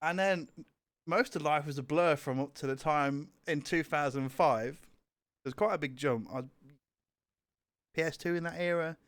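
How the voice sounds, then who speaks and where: A man's voice: fairly high pitch, normal speed, pauses often, clear, resonant tone, no room sound. A young British man co-hosting a casual podcast chat, telling rambling stories with fillers and swearing. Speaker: podcast co-host.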